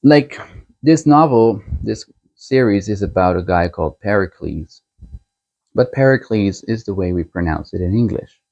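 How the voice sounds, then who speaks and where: A man hosting a book channel, chatting casually as he shows a book set and reviews a novel, unhurried and chuckling as he thinks aloud. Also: lowish voice, gravelly, a little mellow, lo-fi sound.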